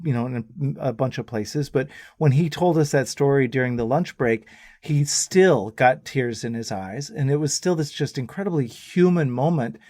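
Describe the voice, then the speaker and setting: Musician guest, male, mid-pitched and dry-miked, spins profane anecdotes casually. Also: moderate pace, no echo. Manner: lively anecdotes, swearing. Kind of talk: casual storytelling.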